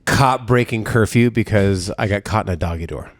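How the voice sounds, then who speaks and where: A man hosting a podcast, telling a self-mocking story in a casual, animated way. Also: fairly low pitch, moderate pace, no echo, studio quality. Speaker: podcast host.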